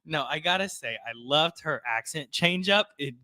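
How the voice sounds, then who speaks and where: A Southern man in his late thirties co-hosts a casual live stream with sassy, giggly banter. His voice is bright and forceful, pitched a little high. The recording is dry and close. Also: lively intonation, moderate pace, no echo. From Louisiana. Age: 30s. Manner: bubbly, laughs a lot, sassy banter. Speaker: guest co-host.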